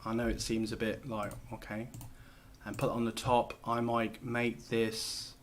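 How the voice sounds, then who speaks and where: Man, host, casual tutorial, rambling, filler-heavy, mid pitch. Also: completely flat delivery, unhurried. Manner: chatty, loose, full of fillers and restarts. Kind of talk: casual screen-share tutorial.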